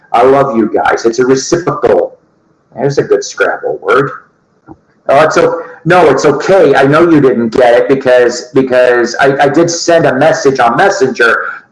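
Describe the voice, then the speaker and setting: A man hosting his own record-collecting vlog, chatting to viewers in a jokey, rambling way. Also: medium pitch. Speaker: vinyl record vlogger. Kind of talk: casual chat to camera. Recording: echoey room.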